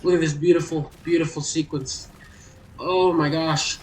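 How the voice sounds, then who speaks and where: A man giving loud, exasperated gameplay commentary as a gaming YouTuber. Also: on the high side, fairly even intonation, moderate pace, far from the mic, rough recording.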